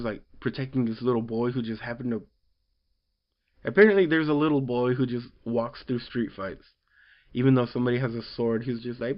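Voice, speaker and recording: Male vlogger, casual rambling recap voice, filler-heavy, average pitch, lo-fi muffled audio. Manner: rambling, filler-heavy, quotes characters loosely. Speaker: comic book reviewer.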